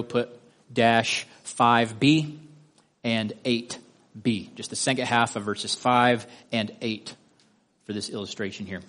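A man's voice: medium pitch, a bit bright. A man teaching a Bible study lesson, methodically guiding listeners step by step through a drawing.

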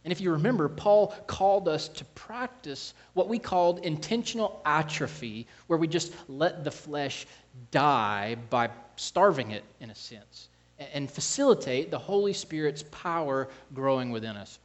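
A man's voice: a little high, lively intonation, normal speed. A man preaching a sermon as pastor, earnest, with frequent restarts and scripture reading.

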